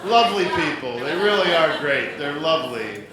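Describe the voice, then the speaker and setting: A man doing a stand-up comedy set on a theater stage, chatty and jokey, slipping into quick voice impressions. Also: fairly high pitch, lively intonation, heavy background noise. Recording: very echoey live club recording, loud crowd. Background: audience laughter.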